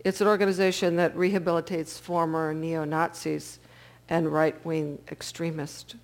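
A woman's voice: deep voice, flat delivery, moderate pace. A woman giving a storytelling talk as a spiritual teacher, often checking in with her listeners.

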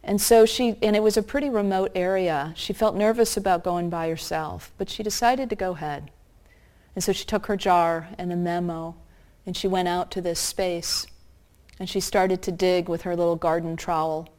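A woman's voice: lowish voice, steady tone, darkish tone. Earnest woman preaching a story. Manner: earnest, slows down for emphasis. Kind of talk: sermon storytelling.

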